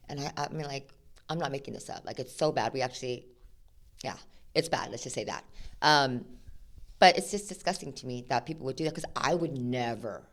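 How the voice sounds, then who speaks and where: A woman attorney from Sacramento, chatting casually as a podcast guest and telling animated stories, acting out quoted exchanges with lots of fillers. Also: extremely low pitch, fairly quick. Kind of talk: casual interview chat.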